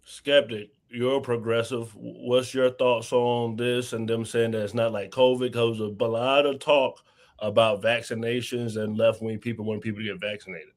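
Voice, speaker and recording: A man's voice: medium pitch, little pitch movement, normal speed. A man hosting a casual panel show, questioning and prodding his guests. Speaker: host.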